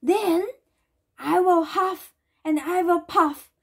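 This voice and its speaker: A woman voicing a menacing, blustering big bad male wolf in a storybook reading, with a drawn-out threatening chant. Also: very high-pitched, full character voice.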